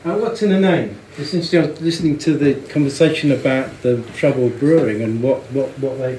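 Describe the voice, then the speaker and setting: A man's voice: mid-range voice, brisk, warm tone, echoey room, a little hiss or hum, poor audio. Chatty man giving a talk. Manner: chatty, amused, repeats words while thinking. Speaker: speaker on branding and packaging. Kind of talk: presentation to an audience.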